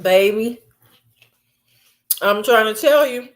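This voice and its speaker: A woman chatting casually to her camera at home late at night, blunt and quick to laugh, acting out her coworkers as she goes. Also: a little high. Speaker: vlogger. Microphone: camera mic.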